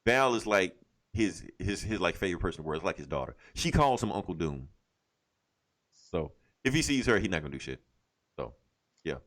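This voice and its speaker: A man with a fairly low voice retells a comic book story, full of energy. He slips in and out of the characters' lines and swears freely as he goes, in a loose, casual podcast chat. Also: brisk, pauses often. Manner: animated retelling, acting out characters' lines, heavy cursing. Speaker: podcast co-host.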